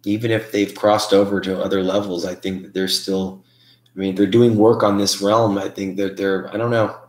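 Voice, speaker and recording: Deep-voiced man rambling on a live stream. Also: level tone, normal speed, reverberant. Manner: rambling, hesitant, restarts, thinking aloud. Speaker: host of a live paranormal stream. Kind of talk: casual live-stream chat with viewers.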